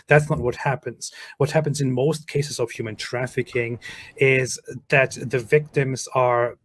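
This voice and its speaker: A man's voice: mid-range voice, dry recording. A man with a German accent giving explanatory commentary, laying out his points methodically, step by step. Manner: methodical, breaks things down step by step. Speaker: video commentator.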